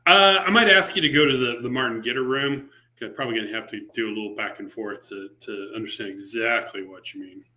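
A man presenting a software library at a virtual user group meetup, talking casually with fillers, restarts and sarcastic asides. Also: medium pitch, a little fast, hardly any pauses. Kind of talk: technical presentation on a live stream. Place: remote meetup talk over a video call.

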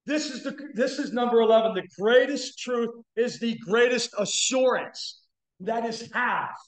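In an echoey church sanctuary, a man preaching as a guest drives home key phrases with loud, emphatic bursts in a very high voice, and his sermon rings through the room.

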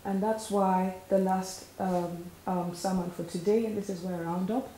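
A woman's voice: mid-range voice, steady tone, normal speed, mellow. A woman hosting and preaching a sermon, earnest, asking the listener questions and leading them in prayer. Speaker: host and preacher. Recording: echoey room with faint hiss.

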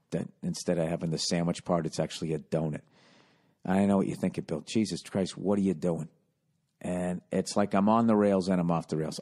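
A man in his forties from the United States, hosting a podcast and telling a comic story in a profane, exasperated way that often turns loud and excited. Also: sits low. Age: 40s. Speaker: podcast host.

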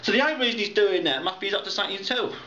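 A man's voice: high-pitched, expressive, rapid-fire, pushed and bright, slight background noise. A man delivering a heated, swear-laden political rant, often repeating himself. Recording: echoey lo-fi room recording.

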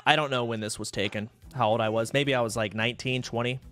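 Medium in pitch, steady and fairly bright, this young man talks fast while soft music plays. He's streaming from home, telling old stories into a desk mic for his live audience with casual profanity and sarcasm.

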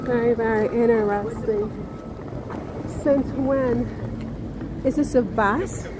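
Rambling woman vlogging outdoors, slow. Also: on the high side, background noise. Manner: rambling, animated, restarts and asides. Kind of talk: casual vlog talk to camera. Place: outdoors on town streets.

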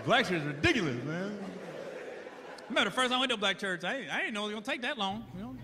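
A stand-up comedian with a strikingly high voice spins a wry story and keeps chuckling at his own lines. He is captured on a noisy recording with steady ambient sound behind him. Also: very fast. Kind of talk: stand-up routine.

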